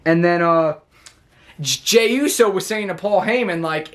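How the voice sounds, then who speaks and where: A man's voice: sits high, unhurried, a bit bright. A man hosting a casual vlog, reviewing a wrestling show in a rambling way as he talks his way through each event.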